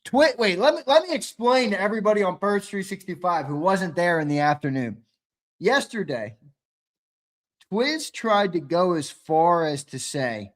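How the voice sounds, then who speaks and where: A man on a live sports talk stream with a somewhat high voice. He is brash and profane, mocking his co-hosts as he goes. He gets loud and animated in his rants. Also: normal speed. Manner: loud and animated when ranting. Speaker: sports talk show co-host.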